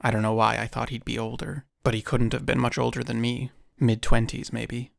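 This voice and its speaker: A man narrating a first-person encounter story in a measured storytelling manner with dry asides. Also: mid-range voice, little pitch movement, gravelly, dry recording.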